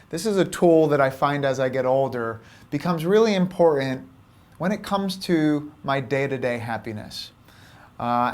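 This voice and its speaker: Young male vlog host, higher-pitched, candid and chatty, slips into whispers. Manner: candid, chatty, drops into soft whispers for his inner voice. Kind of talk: casual storytelling monologue.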